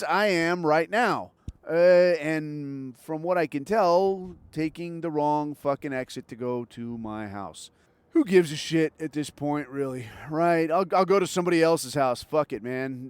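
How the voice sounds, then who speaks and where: An older man from Southern California rants through a profane, sarcastic monologue while driving. His voice sits high for a man. The sound is dry, with no room echo around it. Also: clean tone. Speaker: podcast host.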